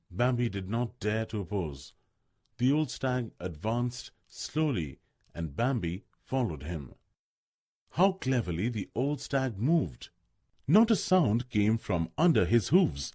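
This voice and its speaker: A man reading a story aloud for listening practice, expressive and measured. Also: lowish voice, slightly rough, dry recording, studio quality. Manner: expressive, slow. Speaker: narrator. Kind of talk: storybook narration.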